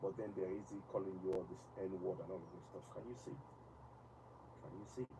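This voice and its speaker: A man hosting a broadcast, talking with passionate emphasis and halting restarts. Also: sits low, level tone. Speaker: host. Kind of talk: live commentary broadcast. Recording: distant mic with noisy background.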